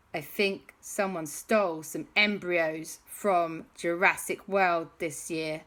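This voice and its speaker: A woman's voice: fairly low pitch, sharp tone. A woman voicing a grumpy man woken from a nap who turns earnest and urgent, in a children's story. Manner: whiny at first, then earnest and urgent. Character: grumpy napping man turned worried expert.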